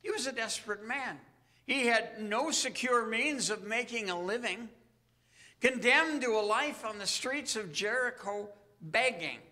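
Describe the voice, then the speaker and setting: A male pastor preaching a sermon, retelling a story earnestly with dramatic pauses. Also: extremely high pitch, pushed and bright.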